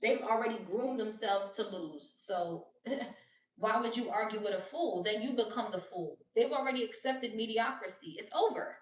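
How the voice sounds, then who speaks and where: A woman's voice: on the high side, moderate pace. Blunt, profane woman reading tarot. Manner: blunt and profane, laughing often. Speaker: tarot reader. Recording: roomy echo, voice distant from mic.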